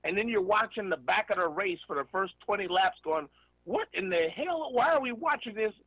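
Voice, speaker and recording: A man's voice: high voice, expressive, normal speed, a bit bright, no room sound. A man co-hosting a radio talk show, explaining things in a folksy, casual way, heard through a dull, muffled broadcast. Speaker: radio co-host.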